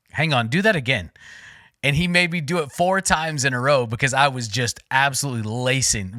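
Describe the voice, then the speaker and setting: A man in his forties, a podcast co-host, telling a long personal story in casual chat, rambling and excitable with many fillers and restarts. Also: medium pitch, dry recording, clean studio sound. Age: 40s.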